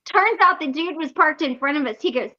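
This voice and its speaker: A woman with a high, bright voice tells a story on a video call and puts on the voices of the people in it as she goes. The audio is a little dull and muffled, the way a video call sounds. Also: a little fast. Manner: animated, acts out the people in her stories. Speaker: host of online recovery meeting.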